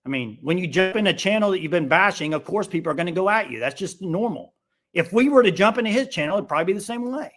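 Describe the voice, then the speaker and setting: A man's voice: high-pitched, expressive, fast talker, a bit bright. A man co-hosting a live sports podcast, talking in a blunt, firm way and cutting in over his partner. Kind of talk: casual live-stream sports talk.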